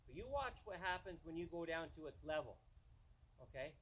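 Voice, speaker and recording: A man's voice: on the high side, expressive, fairly quick, fairly bright tone, slightly rough. A man on a pro staff giving a casual dog-training lesson outdoors, plain-spoken and often checking in with "okay?". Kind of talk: casual outdoor instructional talk. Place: outdoors on a rural property.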